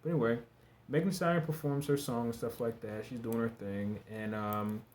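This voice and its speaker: A man's voice: mid-range voice, fairly even intonation, a little fast, a little mellow, a little hiss or hum. A man giving a casual, chatty recap of a TV episode, talking loosely with fillers, restarts and bits of slang. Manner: candid, with some slang. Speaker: TV episode reviewer.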